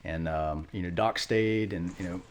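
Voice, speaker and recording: A middle-aged man, a retired Marine, telling war stories quickly in an interview, acting out quotes. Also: deep voice. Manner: fast, animated war storytelling with acted quotes. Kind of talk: storytelling interview.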